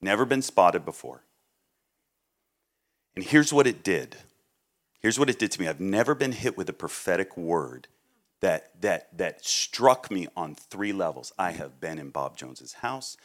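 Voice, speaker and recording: A middle-aged man from Massachusetts, a guest preacher telling stories in a sermon, swinging between loud outbursts and quiet asides. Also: sits low. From Massachusetts, USA. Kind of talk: sermon with storytelling.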